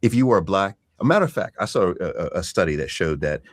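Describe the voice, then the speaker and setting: A man hosting an interview, asking questions in a measured, affirming way. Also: low voice, expressive, dry recording. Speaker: interview host.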